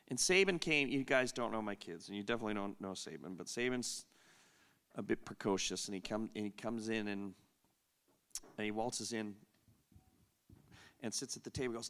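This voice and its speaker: A man's voice: medium pitch, a bit bright. A middle-aged man hosting a conference Q&A, telling a long family story in a chatty, self-interrupting way and laughing often. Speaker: conference Q&A host. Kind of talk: casual storytelling Q&A.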